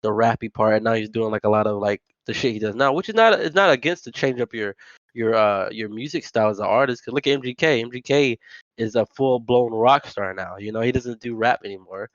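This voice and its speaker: A man hosts a loose, casual podcast and rambles from point to point, leaning on filler words as he goes. His voice sits at an ordinary middle pitch. It comes across dull and dry, like a cheap podcast mic in a deadened room. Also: brisk, no room sound. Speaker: podcast host.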